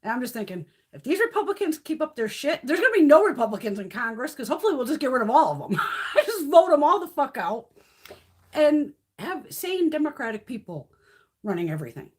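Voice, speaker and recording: A woman's voice: high-pitched, big pitch swings, a little fast. A woman hosting a casual live stream, ranting bluntly and profanely, reacting to chat comments as she goes. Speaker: beauty livestream host.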